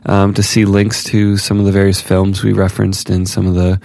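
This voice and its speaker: A man co-hosting a podcast, relaxed, reading the outro and support appeal. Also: on the low side, moderate pace, gravelly, hardly any pauses, no echo. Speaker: podcast co-host. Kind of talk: casual discussion and show outro.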